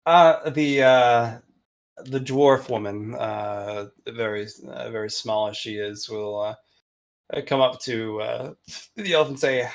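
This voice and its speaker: A game master narrating a tabletop role-playing game, slow and halting with many fillers. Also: medium pitch.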